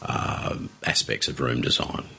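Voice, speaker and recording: A man's voice: a little slow, bright, forceful tone. A man co-hosting a casual podcast, explaining things with dry, wry humour. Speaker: podcast co-host.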